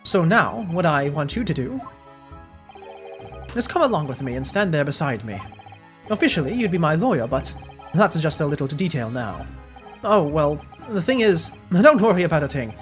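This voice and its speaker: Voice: mid-range voice, very animated, normal speed, faint music behind, lightly acted. Streamer doing a brash Irish moneylender. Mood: swaggering. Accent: put-on Irish. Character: boastful wealthy Irish moneylender man.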